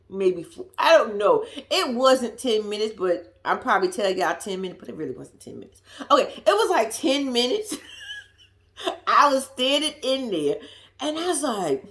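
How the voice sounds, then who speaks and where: A woman's voice: mid-range voice, a bit bright. A woman vlogger telling a story to her viewers in casual chat, swearing freely and laughing at herself.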